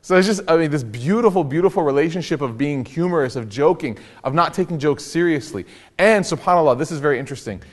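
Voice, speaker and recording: A man's voice: a little high, lively intonation, fast talker. A young man giving a casual, joking sermon as an Islamic lecturer, telling stories and acting out the quotes. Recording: long hall reverb.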